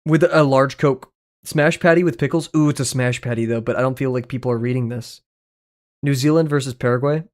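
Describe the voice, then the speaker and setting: Man, streamer, casual livestream chatter, profane, jokey, rambling, middle pitch. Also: a little fast, darkish tone.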